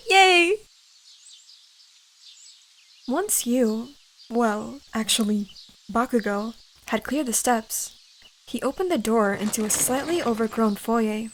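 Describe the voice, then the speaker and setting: A woman gently reading a second-person fantasy story aloud in a whispered role-play. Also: a little high, unhurried. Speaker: fanfiction reader.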